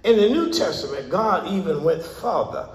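A middle-aged man preaching a sermon in a church, emphatic, with a call-and-response cadence and sudden loud peaks. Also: a little high, very animated, moderate pace. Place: church sanctuary. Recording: echoey church hall.

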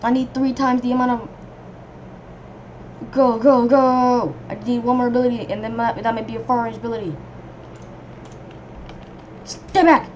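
A woman giving casual, rambling commentary on her gameplay, reacting excitably and yelping when enemies swarm her. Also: a little high, racing, few pauses, muffled recording, a little hiss or hum. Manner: excitable, yelps and shrieks at enemies; rambling running reactions to the game. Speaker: gamer.

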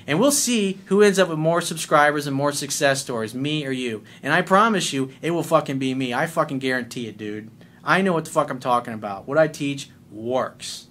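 A man's voice: mid-range voice, a little fast, fairly bright tone. A middle-aged man, a life coach, delivering a blunt, confrontational monologue full of profanity.

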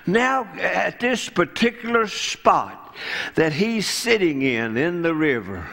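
Slow, animated preacher. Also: male voice, sits high, vocal fry. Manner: folksy, storytelling preacher who acts out the characters' lines. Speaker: pastor. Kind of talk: sermon. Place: church sanctuary.

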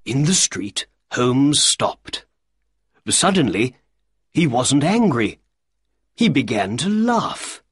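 A man narrating a storybook for learners in a slow, clear way. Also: mid-range voice, sing-song, no room sound, clean studio sound.

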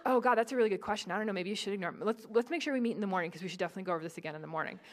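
A woman's voice: medium pitch, racing, slight background noise, pitched below the performer's own voice, close to an everyday voice. A woman voicing a gossipy, reassuring teenage girl who confides in a gushing way. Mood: confiding.

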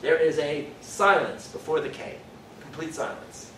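A man lecturing to a class, explaining patiently and now and then sounding out vowels to make a point. His voice sits a bit high for a man. He is picked up from a distance in a roomy hall with a faint hum behind him. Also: measured pace, bright, forceful tone. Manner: explanatory, thinks aloud, demonstrates vowel sounds. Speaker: university lecturer. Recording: echoey lecture hall from far off.

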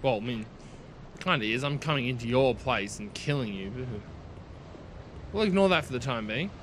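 A young man commentating his own gameplay, excitable, swearing and yelping at what happens on screen. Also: mid-range voice, moderate pace, a little hiss or hum. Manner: excitable, swears and yelps at the game. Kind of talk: let's play commentary.

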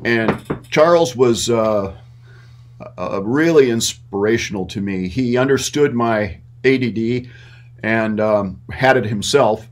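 A middle-aged man talking about his mentors in a casual interview. He rambles and fills his pauses with uh and um. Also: on the low side, slight background noise. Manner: rambling with many fillers. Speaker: guest, puppet maker.

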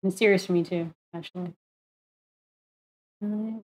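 A woman hosting a casual album reaction video, chatty and excitable, laughing often. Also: fairly low pitch, normal speed.

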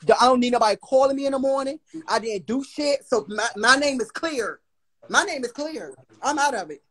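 A drunk young man on a livestream, loudly complaining and exasperated. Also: extremely high pitch, lively intonation, brisk, breathy edge. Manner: loud, exasperated, slurring complaints. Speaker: livestream guest.

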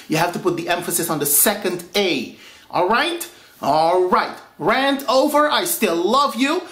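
A man's voice: sits high, expressive, normal speed, fairly bright tone. Flamboyant, sassy man cooking on camera. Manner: flamboyant, sassy, exclaims "ooh, honey" and "baby"; frank, ranty asides to viewers. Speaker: home cooking show host. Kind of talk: casual cooking vlog to camera. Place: home kitchen.

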